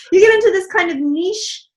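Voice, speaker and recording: High-pitched woman host, chatty and rambling, echoey room. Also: measured pace. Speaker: host, psychic. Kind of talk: casual interview chat.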